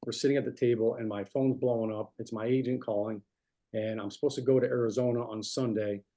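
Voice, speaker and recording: A middle-aged New Jersey man, appearing as a guest speaker, tells anecdotes conversationally, full of fillers and restarts. His medium-pitched, dark-toned voice stays fairly even in intonation and moves a little fast.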